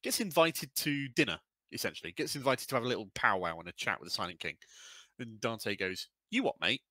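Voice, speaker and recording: A man chatting casually as a podcast co-host, talking in a loose, rambling, sweary way. His voice sits low but has a bright, forceful tone. The sound is dry and close. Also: lively intonation, a little fast, no room sound, poor audio. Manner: rambling, frequent fillers and restarts, sweary. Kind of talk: casual chat.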